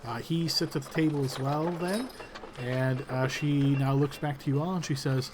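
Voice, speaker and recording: A man running a tabletop game as game master, who narrates in a relaxed, chatty way full of fillers. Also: medium pitch, moderate pace. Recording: noisy home recording.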